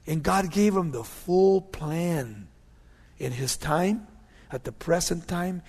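A male pastor preaches a sermon with lively storytelling, often sinking to hushed, quiet tones. His voice sits fairly high and rings with a long hall reverb. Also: slow, breathy edge.

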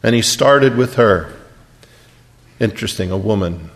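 A man preaching a sermon and retelling a scripture story, dropping to a hush and then rising to emphatic peaks. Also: fairly low pitch, animated, unhurried, gravelly. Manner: storytelling, wide swings from hushed to emphatic.

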